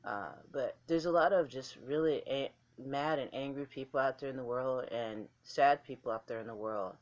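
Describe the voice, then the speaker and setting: A woman's voice: a bass voice, moderate pace, lo-fi sound. A woman vlogger talking casually to camera in a blunt, candid way, swearing freely.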